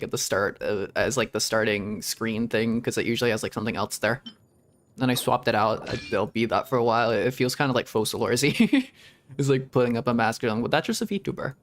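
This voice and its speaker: A man's voice: fairly low pitch, a bit bright. A man streaming a game as a VTuber, chatting casually and playfully with frequent laughs and joking asides. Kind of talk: casual gaming commentary. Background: game music.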